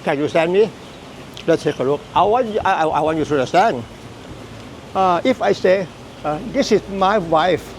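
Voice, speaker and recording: High, gravelly man. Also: a little hiss or hum, poor audio. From Thailand. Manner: repetitive, halting, emphatic phrasing. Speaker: Buddhist teacher. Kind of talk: dharma teaching.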